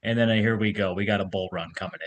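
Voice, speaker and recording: A man's voice: on the low side, steady tone, fast talker. A man improvising jokes on a video call, offhand and laughing at himself. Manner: laughing, offhand, self-deprecating. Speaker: improv player.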